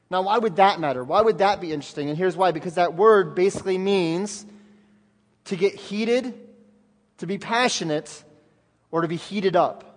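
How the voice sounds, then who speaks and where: A man preaching a sermon as pastor, fervent, swinging between loud bursts and hushed asides. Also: sits high. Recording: long reverb of a church hall.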